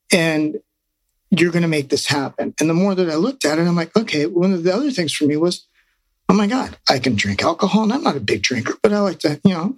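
A middle-aged man, a guest, tells his story in a rambling, animated way and often acts out what he and others said. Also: a little high, breathy edge, no room sound. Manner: animated, rambling, quoting himself. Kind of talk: casual storytelling.

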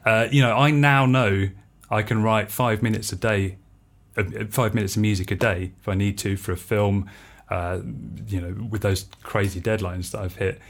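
Lively man telling stories. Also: fairly low pitch, moderate pace. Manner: animated storyteller who acts out quotes and laughs often. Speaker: freelance composer and musician, podcast guest. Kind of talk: casual interview storytelling.

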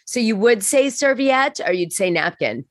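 A woman's voice: a little high, animated, no room sound, clean studio sound. An American woman hosting a casual chat, asking eager, curious questions. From United States. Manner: eager, curious, quick to gush.

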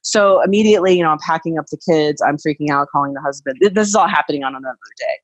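Woman, thirties, casual storytelling, animated, lowish voice, dry sound. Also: very fast, dry recording, dull audio. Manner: animated, acts out quoted voices.

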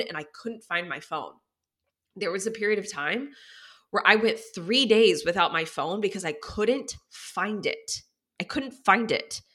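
Bright-voiced woman, chatty and teary. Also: fairly low pitch. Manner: chatty, says "like" very often, emotional and teary at times. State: near tears. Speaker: podcast host. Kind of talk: candid personal talk.

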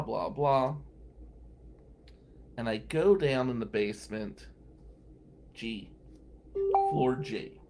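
A man's voice: mid-range voice, gravelly, slight background noise. A man telling courthouse stories as a regular on a radio talk show, acting out the people he quotes. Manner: animated anecdotal storyteller, acts out quotes.

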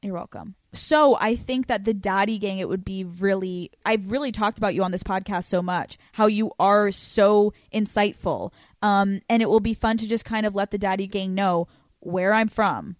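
Young woman podcast host, brash, profane and excitable; mid-range voice, dry close sound. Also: mid-range voice, normal speed, no room sound. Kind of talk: casual podcast chat.

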